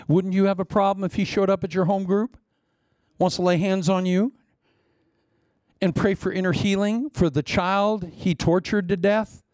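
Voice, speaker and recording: A man preaching a sermon, blunt and teasing, swinging between sudden loud bursts and hushed, near-whispered asides. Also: sits high, fairly even intonation, normal speed, no echo, clean studio sound. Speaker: pastor.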